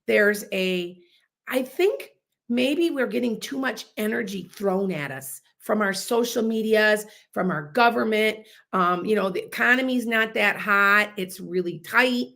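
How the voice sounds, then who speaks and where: A woman in her fifties hosting a podcast, talking in an animated, emphatic way and acting out bits of dialogue. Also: mid-range voice, a little slow, creaky. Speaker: podcast host. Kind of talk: casual monologue podcast.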